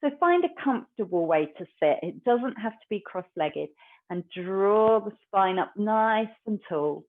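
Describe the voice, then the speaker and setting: A woman, a yoga teacher guiding a class in a calm, gentle, unhurried way. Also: medium pitch. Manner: calm, slow, gentle guidance. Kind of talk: guided yoga instruction. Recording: tinny phone-like recording.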